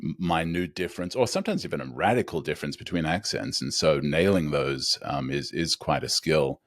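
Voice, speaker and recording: A man with a light Australian accent, from Melbourne, hosting a casual podcast interview in a relaxed, agreeable way. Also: rumbling low, no room sound, clean studio sound. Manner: relaxed, agreeable, quick to laugh along. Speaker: podcast host.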